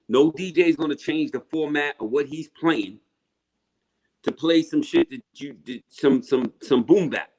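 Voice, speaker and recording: A man, telling stories in a casual interview, blunt and animated. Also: on the high side, measured pace. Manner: blunt, profane, animated storyteller. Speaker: rapper guest.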